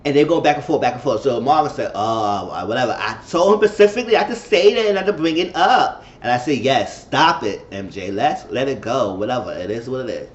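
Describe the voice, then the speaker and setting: Animated man recapping in an echoey room. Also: medium pitch, a little fast, few pauses. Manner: animated, acts out quoted dialogue. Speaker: show reviewer. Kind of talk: casual reality TV recap. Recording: echoey room, slightly dull sound.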